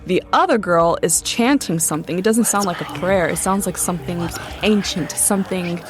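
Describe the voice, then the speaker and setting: A young woman, a guest storyteller, chattily recounts a true ghost story full of "like" and "um" fillers. Her voice is on the low side, and she speaks at a moderate pace.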